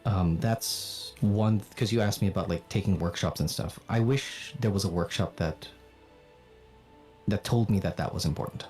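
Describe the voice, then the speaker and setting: Streamer, man, raised in the Philippines, low voice, casual and animated, faint music under him. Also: moderate pace. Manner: animated, swearing, laughs often. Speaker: streamer and voice actor. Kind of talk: casual chat on a livestream.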